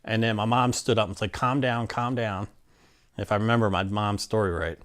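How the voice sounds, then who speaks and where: A man's voice: lowish voice, fairly even intonation, brisk, a bit bright. A middle-aged man candidly recounting a personal story in an interview, acting out what people said. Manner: candid, plainspoken, acts out quotes.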